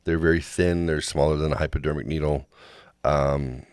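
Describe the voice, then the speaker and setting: A man's voice: extremely low pitch, steady tone, normal speed, darkish tone, smooth, no room sound, clean studio sound. A man on a podcast, casually telling a crude, joking story and acting out what others said. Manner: crude jokes, acts out others' lines. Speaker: podcast co-host.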